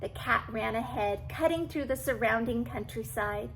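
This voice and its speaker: An older woman reading a classic storybook aloud to children, animated and stopping for asides to the listener. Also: a little high, normal speed, vocal fry, a little hiss or hum, rough recording.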